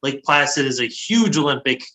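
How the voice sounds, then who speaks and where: A man's voice: medium pitch, animated, normal speed, sharp tone, low-quality recording. A man co-hosting a casual sports history podcast, full of fillers and laughing at his own pronunciation. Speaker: podcast co-host.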